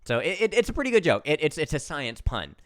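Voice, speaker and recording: A man's voice: fairly high pitch, fast, dry recording, clean studio sound. A man co-hosting a podcast, telling a funny family story in a playful, casual way. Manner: animated, playful. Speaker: podcast co-host.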